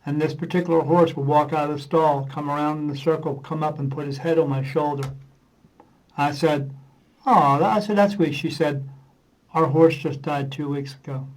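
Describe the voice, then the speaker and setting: A man's voice: a little high, fairly even intonation, normal speed, poor audio. A man who works as a medium, a podcast guest telling casual stories and acting out conversations with plenty of uh fillers. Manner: rambling anecdotes, acting out dialogue with many uh fillers. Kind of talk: casual storytelling in a podcast interview.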